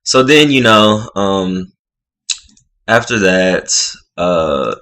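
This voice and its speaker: A man's voice: deep voice, animated, extremely slow, pushed and bright. A man casually recapping a reality show episode in a rambling way, full of filler words. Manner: rambling, full of "like" and "you know".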